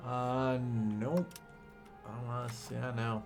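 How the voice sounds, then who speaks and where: A man's voice: mid-range voice, lively intonation, normal speed. Young male streamer, casual and profane, grumbles and rants while playing; faint music behind. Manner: exasperated, swearing, rants in sudden loud bursts. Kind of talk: casual game stream commentary.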